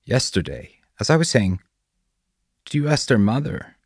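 A man voicing a stiff, expressionless male school counselor who talks in a flat, formal way. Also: mid-range voice, normal speed, no echo, clean studio sound, voice pushed up. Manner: flat, formal, unsettlingly calm.

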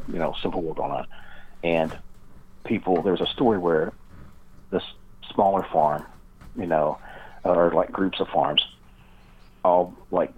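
A man's voice: low voice, slight background noise. A man, a guest author, telling a rambling story in an interview, full of fillers and acted-out quotes. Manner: meandering, many fillers, acts out quoted voices. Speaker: guest author and paranormal researcher. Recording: dull lo-fi remote audio.

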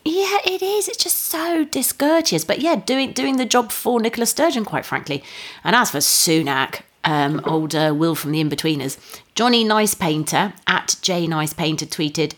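A woman's voice: lowish voice, lively intonation, normal speed. A woman co-hosting a podcast, chatting sarcastically and reading out tweets. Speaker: podcast co-host. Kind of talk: casual chat, reading out tweets.

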